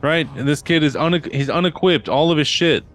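A man's voice: on the high side, brisk, fairly bright tone, soft background music. A man and father on a podcast, chatting casually and rambling with lots of fillers and restarts. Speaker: podcast co-host. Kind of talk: casual chat.

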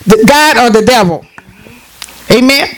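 A man preaching a sermon, calling out to the congregation for responses and rising into shouts. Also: very high voice, expressive, a little slow.

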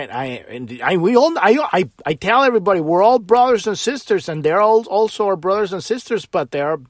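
Fervent male podcast host, dry close sound, higher-pitched, swings from loud bursts to soft trailing asides, swears freely. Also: dry recording. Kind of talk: impassioned spiritual monologue.

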